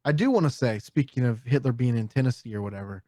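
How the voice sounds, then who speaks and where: A man co-hosting a podcast in casual chat, trading quick banter and laughing asides. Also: mid-range voice, expressive, warm tone, no echo, clean studio sound. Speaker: podcast co-host. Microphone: studio mic.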